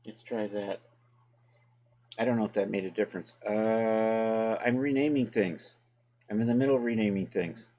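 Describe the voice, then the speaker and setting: At a normal speed, a man with a fairly low voice guides his live-stream audience through a software task. As a 3D software tutor, he keeps it relaxed and chatty, talking to chat while narrating each click, unscripted and thinking aloud.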